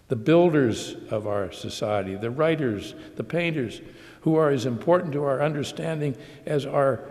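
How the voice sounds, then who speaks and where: Older male lecturer, steady mid-range voice, deliberate repetitions, recorded in an echoing auditorium. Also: mid-range voice. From United States. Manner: measured, slow emphatic delivery with repetitions. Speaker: guest lecturer. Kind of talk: public lecture. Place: large auditorium. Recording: long hall reverb.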